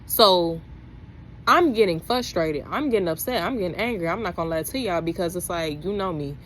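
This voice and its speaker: An animated young woman, vlogging straight to camera about faith. She talks like she's preaching to friends, and her voice jumps way up whenever she gets fired up. A faint hiss of noise runs under her voice. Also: fairly low pitch, a little fast. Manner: animated, preachy, rising to exclaim. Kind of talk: casual vlog, talking to camera.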